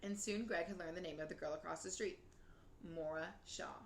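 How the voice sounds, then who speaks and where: A woman reading a children's novel aloud in a steady, gently expressive way. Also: fairly low pitch, brisk. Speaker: reader. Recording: roomy with faint noise.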